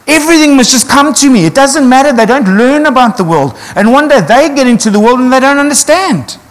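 A man's voice: very high voice, lively intonation, a little fast, in a large hall. A man, preaching earnestly to his congregation and asking rhetorical questions. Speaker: pastor. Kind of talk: sermon.

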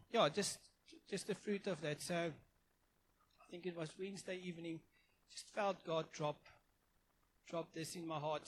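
A man with a South African accent giving an informal, earnest sermon to a church congregation, with many halting restarts. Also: fairly high pitch, slight background noise, low-quality recording. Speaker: guest preacher.

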